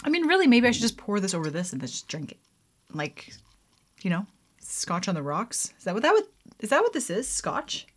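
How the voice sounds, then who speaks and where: A woman's voice: mid-range voice, wildly swooping pitch, fairly quick. Giggly rambling woman chatting to camera. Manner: giggly, rambling, self-deprecating, many "like"s and "um"s. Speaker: home cocktail vlogger. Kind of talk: casual chat to camera.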